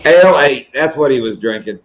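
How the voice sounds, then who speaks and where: A man's voice: mid-range voice, expressive, moderate pace. A man co-hosting a live stream, trading teasing jokes in casual chat. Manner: joking, teasing banter. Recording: echoey, dull lo-fi sound.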